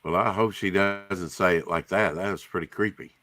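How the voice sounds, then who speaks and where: A man's voice: low-pitched, steady tone, normal speed, bright, forceful tone. A man co-hosting a casual livestream chat, reading chat and cracking dry jokes. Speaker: co-host.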